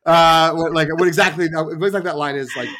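A man co-hosting a casual film review podcast, retelling scenes with quoted lines and lively storytelling. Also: on the high side, fast. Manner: animated storytelling with quoted voices. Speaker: podcast co-host.

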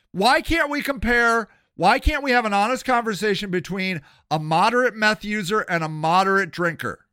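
Blunt, profane man with a crisp voice. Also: high-pitched, fairly bright tone, dry recording, studio quality. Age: older. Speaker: podcast host. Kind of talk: casual monologue.

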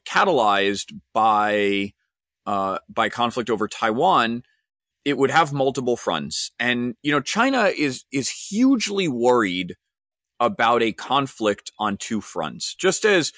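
A man's voice: on the low side, a bit bright, no echo, studio quality. A man hosting his own podcast, telling a wry story and then giving an earnest analysis in a solo monologue. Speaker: podcast host.

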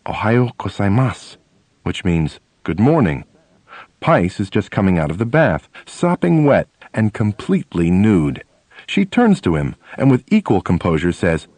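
A male narrator reads a first-person memoir with a low voice that swoops widely as he tells the story. His delivery is animated and conversational. The sound is dry and close to the mic. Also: no room sound. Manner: animated storytelling, acting out dialogue. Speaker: audiobook narrator.

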